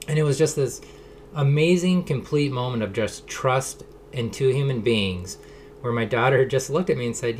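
A man's voice: mid-range voice, moderate pace, slight background noise. A middle-aged man hosting a solo podcast, talking in an earnest, rambling way with the odd sarcastic aside. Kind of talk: reflective solo monologue.

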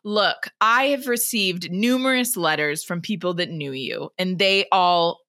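A woman voicing a kindly elderly male headmaster wizard offering gentle reassurance. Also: fairly low pitch, unhurried, dry recording, clean studio sound. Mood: reassuring.

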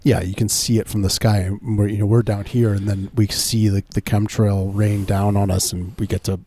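A man co-hosting a podcast, riffing in dry, deadpan absurd banter in casual chat. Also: on the low side, normal speed, slight background noise. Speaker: podcast co-host.

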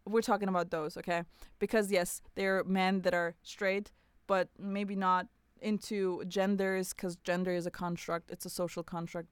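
A woman's voice: on the low side, smooth, no echo. A woman hosting a casual podcast chat, frank and playful, laughing often as she talks. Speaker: podcast host.

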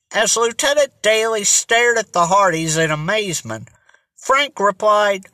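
Slow, animated storybook narrator. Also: medium pitch, no echo. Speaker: audiobook narrator. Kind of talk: scripted narration.

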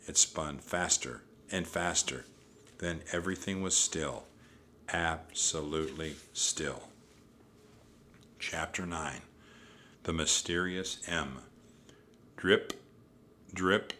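A man reads a children's story aloud in a steady, measured way. His voice is very deep, with a bright, forceful edge. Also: slight background noise. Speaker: narrator. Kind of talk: audiobook narration.

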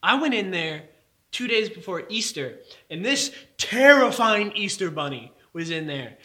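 A man's voice: high-pitched, big pitch swings, a little slow, bright, forceful tone. A young man chatting casually, rambling with lots of fillers and laughter. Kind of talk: casual chat.

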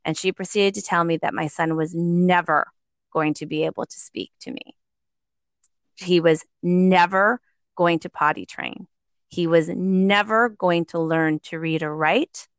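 A middle-aged woman tells her story in an animated, conversational way, slipping into the voices of the people she quotes. Her voice sits a little low. The sound is dry and close to the mic. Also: a little slow, dry recording. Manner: animated, acts out quoted voices, laughs often. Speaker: guest, parent.

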